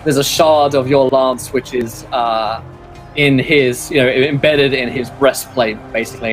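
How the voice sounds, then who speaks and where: A man's voice: medium pitch, steady tone, unhurried, faint music behind. A man narrating a tabletop game as game master, casual with many fillers.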